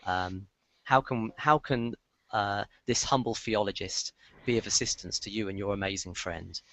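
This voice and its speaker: Man playing a priest, authoritative, measured courtesy, lowish voice, tabletop game. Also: a bit bright, dry recording. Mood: courteous. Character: well-dressed male priest, calm and authoritative.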